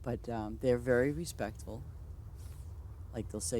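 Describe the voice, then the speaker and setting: A woman's voice: extremely low pitch, moderate pace, vocal fry, pauses often, warm tone, slight background noise. A woman streaming a farming game, chatting casually with her viewers and laughing often. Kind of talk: casual live-stream chat while playing.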